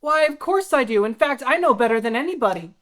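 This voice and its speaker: A woman's voice: high-pitched, expressive, fast, fairly bright tone. A woman improvising a naive, lovesick young woman who is a gangster's sweetheart, in an audio comedy. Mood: dreamy. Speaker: improv performer.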